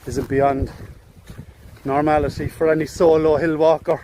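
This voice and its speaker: A man's voice: on the high side, flat delivery, normal speed, mellow, a little hiss or hum. Chatty Cork-accented man on a hillside. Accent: Cork Irish. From Cork, Ireland. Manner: chatty, rambling, joking with himself. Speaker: solo hiker vlogger. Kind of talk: casual chat to camera. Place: outdoors on open hillside and meadow. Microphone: phone camera.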